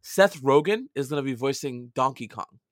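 A man's voice: medium pitch, animated, moderate pace, dry recording, clean studio sound. A man with a Brooklyn accent co-hosting a casual gaming podcast, chatty and loose, with mild swearing and frequent restarts. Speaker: podcast co-host.

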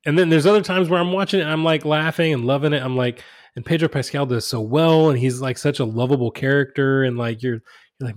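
A man in a casual film chat, giving his opinion in a hesitant, measured way. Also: medium pitch, steady tone, dry recording, studio quality.

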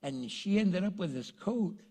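A man preaching a sermon, retelling a story in a lively, conversational way and acting out the characters. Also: high voice, a little slow. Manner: animated storytelling, acts out characters. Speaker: pastor. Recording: long reverb in a large hall.

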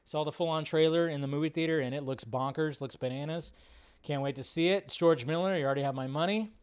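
A young man hosting a casual live show, talking excitably and swearing freely as he riffs. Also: fairly high pitch, fast talker, smooth. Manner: excitable, profane, riffing with put-on bits. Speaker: host.

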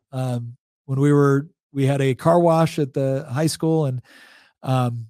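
A man in his forties shares a personal story as a guest on a podcast, moving from one thought to the next in a loose, chatty way. He laughs often and restarts his sentences, at a medium pitch. The sound is dry and close. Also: dark tone, no room sound. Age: 40s. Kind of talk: casual storytelling.

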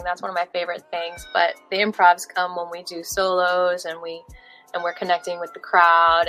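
A chatty woman musician talks easily in an interview, her voice sitting a little low. Lots of fillers and quick asides keep it loose and animated. Faint music plays underneath. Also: low-quality recording. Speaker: musician guest. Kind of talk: casual interview chat.

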